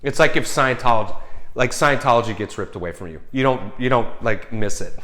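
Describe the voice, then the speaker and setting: A man's voice: mid-range voice, a little fast, sharp tone. A man in his forties telling a story in a casual vlog monologue, rambling and cursing with many restarts. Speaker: vlogger.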